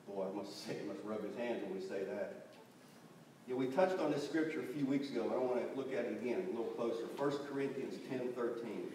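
A man's voice: medium pitch, fast. Man preaching in an echoey church. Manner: animated storytelling, acting out quoted voices. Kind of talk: sermon. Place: church sanctuary. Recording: distant, very echoey church recording with faint noise.

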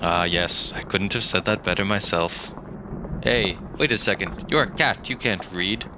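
A young man voicing a bumbling, easily flustered elderly man in an amateur comedy skit, over loud music. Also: sits low, normal speed, background noise, close to an everyday voice. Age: young adult.

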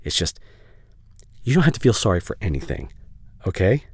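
A man voicing a caring young male best friend in a whispered role-play, speaking softly and haltingly with emotional reassurance. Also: low-pitched, sing-song, breathy edge, dry recording, studio quality, exaggerated voice. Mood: gentle. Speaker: ASMR voice actor. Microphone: studio condenser mic.

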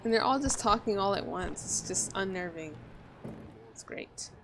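A woman's voice: medium pitch, animated, moderate pace, gravelly, background noise. A woman playing a game and reacting aloud with crude jokes as she goes. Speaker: gamer. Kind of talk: let's play commentary.

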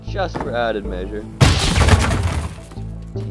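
A man's voice: fairly low pitch, big pitch swings, slow, over loud music, poor audio. A man giving wry, joking running commentary to himself while playing a video game. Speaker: gaming video creator. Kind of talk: let's play commentary.

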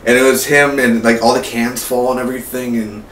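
An eighteen-year-old man giving a casual, rambling spoiler review of a film. He gets excited and keeps tossing in "man" and "like". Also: medium pitch, fairly quick. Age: late teens. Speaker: movie reviewer. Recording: echoey room, mic at a distance, faint hum.

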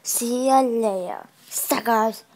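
A woman's voice: on the high side, slow, gravelly, a little mellow. A woman voicing a gloating evil villain in a homemade toy-brick movie, taunting the heroes and cackling. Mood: mocking.

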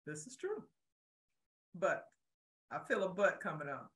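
Woman, host, bright forceful tone, casual interview chat, affirming. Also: fairly low pitch, big pitch swings, unhurried.

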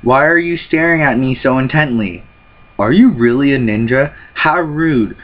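A man's voice: medium pitch, animated. Man reading manga aloud, lo-fi. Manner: reads character lines in quick put-on voices between plain remarks. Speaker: manga reaction YouTuber.

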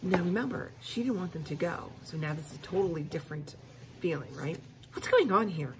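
Woman reading a kids chapter book out loud, lively, chats about the story in between. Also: on the low side, fairly quick, noisy background. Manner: expressive, stops to explain to listeners. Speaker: reader. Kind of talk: reading a children's book aloud.

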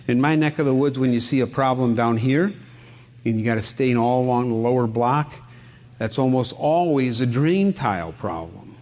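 A man's voice: medium pitch, normal speed, a little mellow. A middle-aged man, a home inspector giving a casual seminar talk, folksy and telling stories while quizzing his audience. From Wisconsin. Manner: folksy, asks the audience questions, tells anecdotes.

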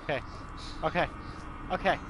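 A man's voice: normal speed, background noise. A man streaming a horror game, narrating his own play with jokey mock panic and a lot of swearing. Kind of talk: live gameplay commentary.

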